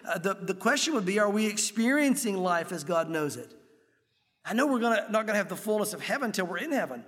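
High-voiced man preaching in a reverberant hall. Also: big pitch swings, fast talker. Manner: emphatic, conversational preaching with sudden loud peaks. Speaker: pastor. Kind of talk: sermon. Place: church sanctuary. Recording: long reverb of a large hall.

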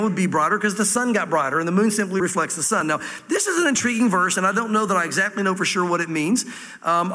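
Bright high Southern preacher in a hall. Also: male voice. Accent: Southern American. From Southwest Virginia, US. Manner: reads scripture aloud then explains it, with folksy asides. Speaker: pastor. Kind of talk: verse-by-verse sermon. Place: church room with audience.

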